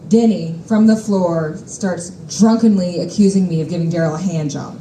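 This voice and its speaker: A woman's voice: fairly low pitch, moderate pace, few pauses, warm tone, roomy sound, slight background noise, low-quality recording. Wry, exasperated woman telling a story. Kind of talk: live personal storytelling. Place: stage at a live storytelling show.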